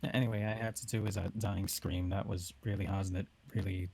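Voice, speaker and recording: A young man, an aspiring voice actor, talking in a halting way with trailing fillers over a voice call. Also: sits low, flat delivery, creaky, a little mellow. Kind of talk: casual podcast chat.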